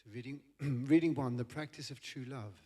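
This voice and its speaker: A man at a middle pitch reads a short passage aloud to a congregation. He reads steadily and deliberately, stumbling briefly on a word now and then. The voice is plain and natural. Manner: steady, careful reading with small stumbles. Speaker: volunteer reader. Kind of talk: reading a text aloud.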